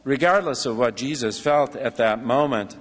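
A man reading the lines of a tender, motherly female God figure softly and gently. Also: mid-range voice, moderate pace, husky, in a large hall, close to an everyday voice.

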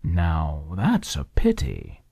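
A man plays a deep-voiced, sly frog tailor in a hushed whispered role-play. He coaxes slowly in a dark, husky tone, very close and dry. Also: huge pitch swings, no echo, exaggerated voice. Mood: coaxing. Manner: coaxing, slow and drawn out. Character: big-mouthed male frog tailor, sly and jolly.

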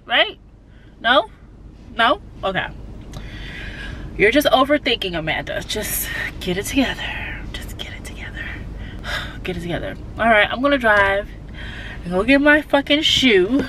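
A woman's voice: fairly high pitch, lively intonation, measured pace, pauses often, a bit bright, slight background noise. A woman in her twenties vlogging from her car, chatty and nervous, swearing freely as she talks straight to her phone camera. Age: 20s. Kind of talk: casual vlog monologue. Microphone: handheld phone or camera.

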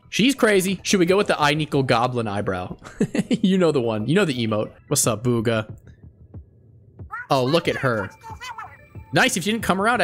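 Playful, lively-pitched male streamer. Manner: playful, goofy, bursts of laughter; mock-threatening jokes. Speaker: gaming streamer. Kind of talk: live-stream game commentary.

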